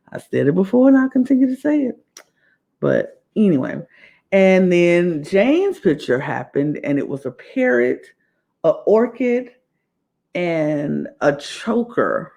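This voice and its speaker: A woman podcast host talks through a reality-show episode in a loose, rambling recap, circling back to say the same thing twice. Her voice has a gravelly, creaky edge. She takes her time, drawing out her words at a slow, easy pace. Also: low-pitched, darkish tone. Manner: rambling, repeats phrases.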